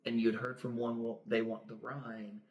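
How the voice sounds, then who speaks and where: A man's voice: mid-range voice, flat delivery, moderate pace, darkish tone. A middle-aged man, a pastor co-hosting a podcast, telling stories in a plain, straightforward way and laughing easily. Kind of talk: casual chat.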